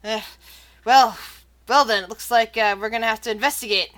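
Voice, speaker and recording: A woman voicing a grizzled old male guard captain with a peg leg, who talks in a gruff, halting drawl. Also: a little high, fairly bright tone, close to an everyday voice. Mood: grudging.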